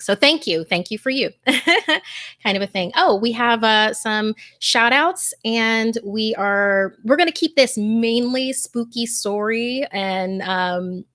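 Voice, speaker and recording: A woman's voice: on the high side, dry recording, studio quality. Effusive woman hosting a casual stream. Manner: warm, effusive and emotional, with many fillers. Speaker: host of a scary story channel. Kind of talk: casual livestream chat with viewer shout-outs.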